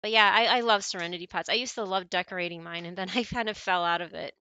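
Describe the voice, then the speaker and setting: A woman's voice: fairly low pitch, fairly even intonation, fast talker, bright, forceful tone, clean tone, no room sound, muffled recording. An American woman streaming, chatting casually with her chat, laughing often and rambling with lots of fillers. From United States. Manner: giggly, rambling, apologetic, many fillers.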